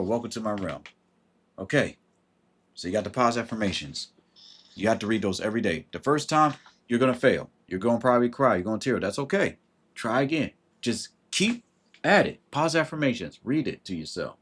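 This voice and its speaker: Husky, blunt man hosting a livestream. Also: mid-range voice, animated, a little fast, fairly bright tone. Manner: blunt and emphatic, swears, greets viewers by name. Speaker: livestream host giving astrology advice. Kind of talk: casual livestream advice talk.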